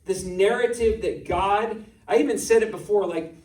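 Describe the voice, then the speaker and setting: A male pastor giving a sermon in a relaxed, conversational way, often putting rhetorical questions to his congregation. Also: high-pitched, moderate pace. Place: church sanctuary. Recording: echoey church room, distant mic.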